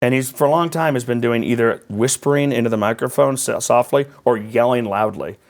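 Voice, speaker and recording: This man is a political journalist talking briskly in a mid-range voice. As a guest in a conversational interview, he gets animated, wanders off topic and drops sarcastic remarks.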